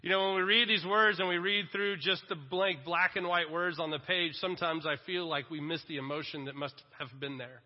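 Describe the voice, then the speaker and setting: A man in his forties with a high voice delivers a lively sermon, mixing the story with self-deprecating jokes. The recording sounds dull and lo-fi, with a long echo from a large hall. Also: brisk, hardly any pauses. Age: 40s. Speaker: pastor.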